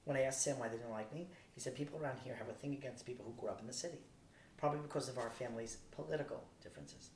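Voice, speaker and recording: A man reads a novel aloud at a rapid-fire clip, steady and plain in delivery. He sits some distance from the mic in a roomy space, with a faint rumble in the background.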